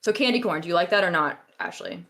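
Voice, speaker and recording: Woman talking fast and all over the place, voice bounces up and down a lot. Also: on the low side, vocal fry. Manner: animated, scattered, chatty. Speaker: player. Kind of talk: casual chat.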